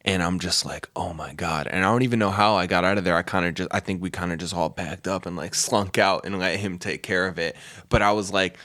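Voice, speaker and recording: A man's voice: deep voice, steady tone, fast, hardly any pauses, pushed and bright, no echo. A man hosting a casual podcast, telling a story animatedly, acting out quotes and swearing freely. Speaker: podcast host. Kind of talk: casual chat.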